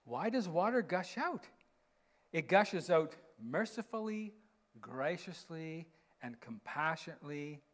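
Male pastor, high voice, preaches with rhetorical questions and frequent "right?" check-ins. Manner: asks the congregation rhetorical questions, tags lines with "right?". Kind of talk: sermon.

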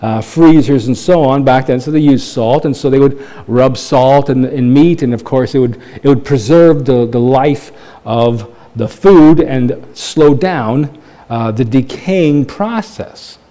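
A man's voice: mid-range voice, a little slow, dark tone. A man preaching a sermon from Canada, talking in a conversational way, asking rhetorical questions and pushing up his voice for emphasis. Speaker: pastor.

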